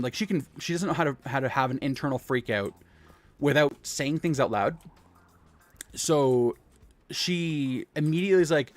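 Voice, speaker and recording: A man's voice: a little high, expressive, a little slow, no room sound. A young man tells rambling, profane childhood stories on a casual live stream, often correcting himself. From Canada.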